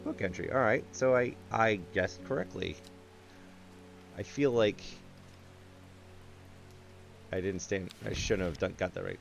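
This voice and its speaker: A man's voice: lowish voice, normal speed, creaky. A man reviewing a puzzle game, thinking aloud in let's-play commentary with musing asides and restarts, with game music playing behind.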